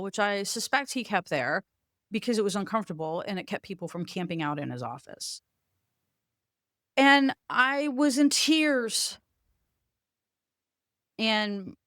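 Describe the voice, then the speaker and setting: A woman's voice: fairly low pitch, no echo, studio quality. A middle-aged woman hosting a podcast, telling a personal story in a blunt, profane, self-mocking way. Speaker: podcast host.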